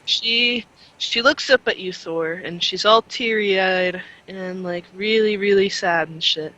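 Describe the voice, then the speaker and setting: Bright-voiced, giggly tabletop player. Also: mid-range voice, slow, dull audio. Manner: giggly, talks in restarts and fillers. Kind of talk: casual game chat, in and out of character.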